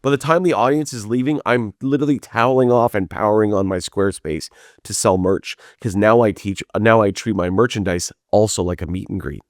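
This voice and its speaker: A middle-aged man from Canada, a comedian guest telling lively anecdotes in conversation and jumping his pitch when acting out others. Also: brisk, no room sound, studio quality. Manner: animated, acts out quotes with big pitch jumps. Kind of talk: storytelling in conversation.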